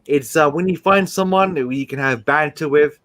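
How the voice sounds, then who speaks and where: A man hosting a live stream, telling rambling, animated stories with frequent laughs. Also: a little high, normal speed. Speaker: streamer host. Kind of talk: casual live-stream chat.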